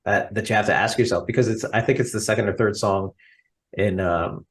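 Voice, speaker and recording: An American man with a fairly low voice chatting about films on a podcast. He is enthusiastic and a little rambling, with frequent fillers and restarts. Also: brisk, a bit bright. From United States. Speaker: podcast co-host. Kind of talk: casual chat.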